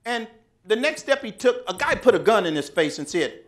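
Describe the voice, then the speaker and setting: Male speaker, storytelling speech; dramatic, high and very lively. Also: normal speed.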